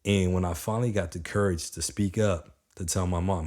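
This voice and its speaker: A man in his thirties giving an energetic, conversational motivational talk, often checking in with his listeners. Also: deep voice, normal speed. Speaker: motivational speaker.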